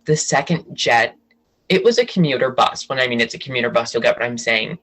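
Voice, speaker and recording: A man guesting on a podcast, telling gossip in an animated way and acting out what people said. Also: mid-range voice, fairly quick, rough recording. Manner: animated storyteller, acts out quotes. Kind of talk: casual gossip chat.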